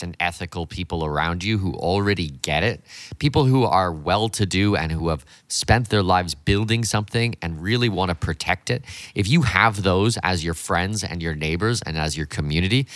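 A man in his forties hosting a solo podcast, talking with blunt enthusiasm in a voice gone hoarse from a week of speeches. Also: sits low, normal speed, a bit bright, no echo. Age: 40s. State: hoarse, half lost voice. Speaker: podcast host.

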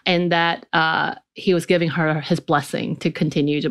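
A woman co-hosting a podcast, retelling a film's plot in casual, animated chat and acting out the characters' lines. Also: low-pitched, normal speed, hardly any pauses. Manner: animated storyteller, jumps into character quotes. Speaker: podcast co-host. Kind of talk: casual film recap chat.

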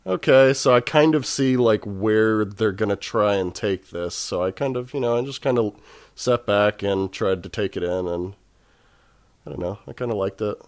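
Low-voiced texas guy rambling about a tv show, lots of "like", dry close sound. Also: moderate pace, no room sound. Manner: rambling with many fillers. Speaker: podcast co-host. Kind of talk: casual chat.

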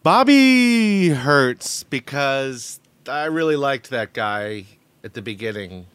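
A man's voice: mid-range voice, expressive, slow pace, fairly bright tone, clear, resonant tone, dry recording. Sarcastic man podcast co-host. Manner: sarcastic, joking. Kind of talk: casual recap chat.

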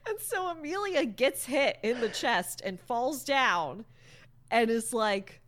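A woman's voice: on the high side, lively intonation, slow pace, long pauses, a bit bright. A woman casually retelling a story's plot to a friend, rambling with many fillers and the odd swear word. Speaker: storyteller recapping a book. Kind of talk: casual chat.

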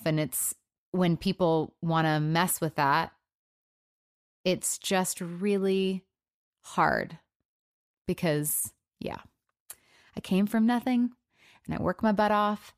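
A woman in her thirties hosts a solo podcast, her voice pitched fairly low and recorded close and dry on a studio microphone. She speaks haltingly and softly, sounding emotionally raw and subdued. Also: clean tone, no room sound. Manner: halting, soft-spoken, with frequent pauses and trailing phrases. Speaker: podcast host. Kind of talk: casual solo podcast talk.

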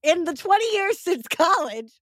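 A woman in her forties hosting a podcast, chatting casually and acting out quoted messages with animated storytelling. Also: very high-pitched, moderate pace, no echo, clean studio sound. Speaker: podcast host. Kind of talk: casual chat.

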